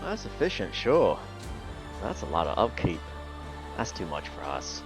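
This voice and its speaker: A man jokes around as a player at a tabletop game. His low voice is lively and swings widely in pitch, with faint music in the background. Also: measured pace, vocal fry. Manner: joking, animated. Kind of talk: casual banter at a game table.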